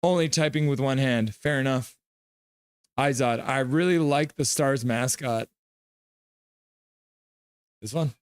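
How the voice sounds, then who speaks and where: A casual man hosts a live stream, reading viewer comments aloud and cracking jokes between bits of play-by-play. His voice is smooth and clear at a middling pitch. It is recorded close and dry, with no room sound. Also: takes it slowly, pauses often, dry recording.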